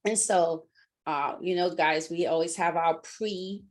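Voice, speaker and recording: A woman's voice: on the low side, steady tone, a little slow. Bubbly woman podcast host. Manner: bubbly and laughing, with many fillers. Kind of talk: casual chat.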